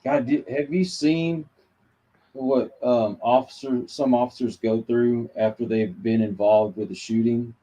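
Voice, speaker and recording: A man's voice: medium pitch, steady tone, measured pace, mellow. A male co-host in casual talk show banter who chimes in with short agreements and wry remarks. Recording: dull lo-fi audio with faint noise.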